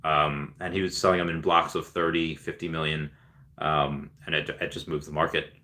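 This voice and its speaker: Low bright-voiced guy doing a casual livestream, reads chat, lots of ums. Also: level tone, normal speed. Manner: reads viewer comments aloud, many ums, cheers loudly for winners. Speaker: livestream host reading chat.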